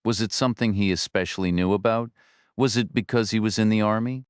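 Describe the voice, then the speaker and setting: A man's voice: lowish voice, steady tone, fairly quick, clear, resonant tone, no echo, clean studio sound, natural voice. A man voicing a determined young woman lawyer, earnest and persistent in her questions.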